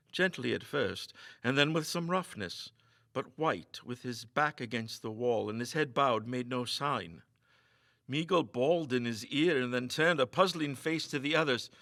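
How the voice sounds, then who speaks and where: A man reading a ghost story aloud with expressive, theatrical narration. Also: mid-range voice, moderate pace, vocal fry, no room sound, studio quality. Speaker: reader.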